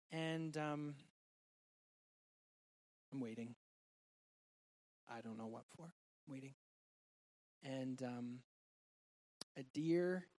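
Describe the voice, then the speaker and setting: A man preaches a sermon and shares his personal testimony, earnest and heartfelt, swinging between loud and soft delivery. His voice sits on the high side.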